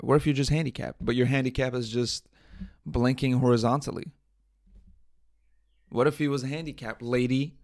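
A man's voice: medium pitch, fairly even intonation, moderate pace, creaky, pauses often, darkish tone, dry recording, clean studio sound. A young man hosting his own podcast, rambling and joking irreverently with lots of swearing and laughter. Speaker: podcast host. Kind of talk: casual solo podcast rant.

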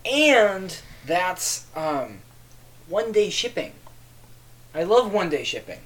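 A podcast co-host in casual chat while recording, chatty and quick to laugh. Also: mid-range voice, very animated, fairly bright tone.

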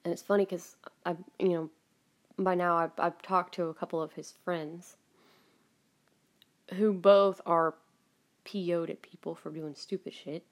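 In a home recording, a woman with a lowish voice and steady tone speaks at a measured pace, leaving long pauses. She's hosting her own podcast, rambling through a casual personal monologue with frequent laughs and some swearing.

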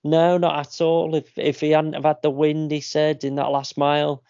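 A man's voice: on the high side, monotone, normal speed, dark tone, dry recording. Male podcast co-host, chatty anecdotal storyteller, dry slightly dull recording. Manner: chatty storyteller, many fillers and restarts. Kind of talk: casual chat.

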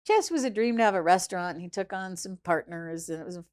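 A woman chef, a guest in an interview, telling a story in a lively way, acting out what people said and swinging between hushed and loud. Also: fairly low pitch, fast. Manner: animated, acts out quoted voices, swings between hushed and loud. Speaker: chef and restaurant founder, guest.

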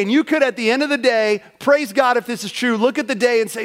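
A man preaching a sermon as pastor, swinging from loud, emphatic lines to a hushed, low delivery and acting out a listener's thoughts. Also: fast, few pauses, big-room sound. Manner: acts out a listener's thoughts in quoted asides.

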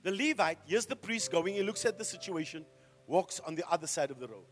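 A middle-aged man preaching a sermon as a pastor, firing off rhetorical questions and swinging from hushed to loud. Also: sits high, lively intonation, fairly quick.

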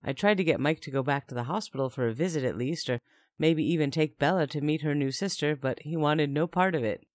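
A woman's voice: sits low, fairly quick, no room sound, clean studio sound. A young woman narrating a first-person story in a chatty tone with wry asides.

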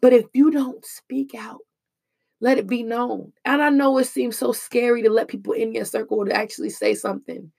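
A woman's voice: on the high side, fairly even intonation, normal speed, vocal fry, a little mellow. A young woman speaking in an earnest, emphatic monologue, casual and slangy as she shares hard-won lessons. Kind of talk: emotional personal monologue.

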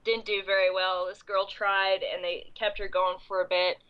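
A woman's voice: medium pitch, level tone, moderate pace, smooth, dull audio. A young adult woman with a cold and coughing fits, recapping a convention in a rambling, casual podcast chat full of ums and restarts. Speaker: convention goer recapping the event.

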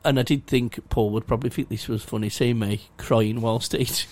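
A man's voice: medium pitch, fairly even intonation, brisk, a little mellow, a little hiss or hum. A young man, rambling through a sweary, self-mocking story in casual chat. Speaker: podcast co-host.

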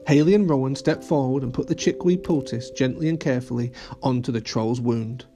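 A man gently reading a children's story aloud as storyteller. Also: fairly quick, few pauses, over music. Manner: gentle, switches to high voices for characters.

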